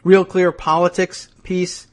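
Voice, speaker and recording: Guy hosting a talk podcast, slightly high voice, dry sardonic rambling, lots of uhs. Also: little pitch movement, takes it slowly. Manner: wry, musing, sardonic with frequent "uh" and "I guess". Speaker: podcast host. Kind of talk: casual political commentary.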